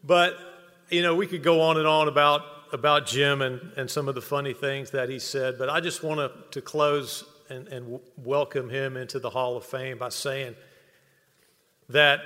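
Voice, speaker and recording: Man telling funny stories at an induction, bright tone, echoing hall. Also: mid-range voice. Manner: humorous storytelling, builds to earnest close. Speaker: speaker at hall of fame induction. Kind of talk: ceremony tribute speech with anecdotes. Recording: long reverb of a banquet hall.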